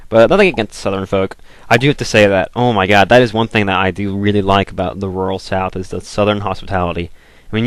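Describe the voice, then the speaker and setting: A young man in college rambles through casual game commentary, every other phrase padded with "like" and restarts. His voice sits low, and the recording is dry and close with no room sound. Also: no echo. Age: young adult. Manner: rambling, filler-heavy, lots of "like". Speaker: let's play commentator.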